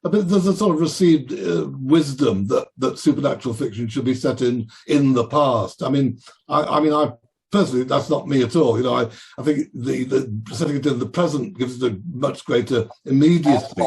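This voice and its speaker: A man's voice: mid-range voice, a little fast, vocal fry, a little mellow. An older man, a guest writer, talking in a casual podcast discussion, hesitant and full of restarts. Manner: hesitant, many restarts and fillers.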